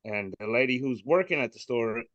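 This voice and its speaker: A man's voice: mid-range voice, animated, fairly quick, a bit bright, no echo, lo-fi sound. Joking man hosting a meme podcast. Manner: joking, irreverent. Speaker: podcast host. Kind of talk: casual chat describing memes. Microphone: video call.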